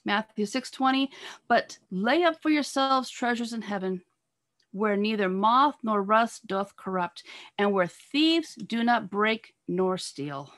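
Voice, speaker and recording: A woman giving an earnest sermon over a video call, pressing her listeners with repeated rhetorical questions and halting now and then on fillers and restarts. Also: medium pitch, expressive, fairly bright tone. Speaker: speaker at a church talk on marriage.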